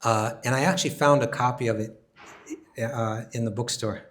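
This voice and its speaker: A man teaches a scripture class with a mid-pitched voice. He explains with animated emphasis and often restarts phrases while thinking aloud. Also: normal speed.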